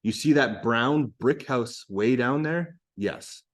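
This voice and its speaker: A man's voice: mid-range voice, slow pace, a bit bright. A man reading as a matter-of-fact local woman. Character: confident local woman telling a wild tale.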